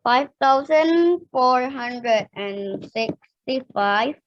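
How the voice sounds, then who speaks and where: A woman student answers math questions very slowly and hesitantly, in a somewhat high voice. The sound is dry and close, with a slightly dull, muffled tone. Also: lively intonation, no room sound.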